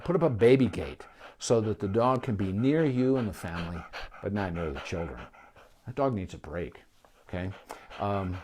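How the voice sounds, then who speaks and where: A man who is a veterinarian, giving a casual instructional talk to camera in an animated way, with restarts and asides, and dropping softly when he models calm praise. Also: medium pitch, a little hiss or hum. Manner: drops to a soft voice for calm praise.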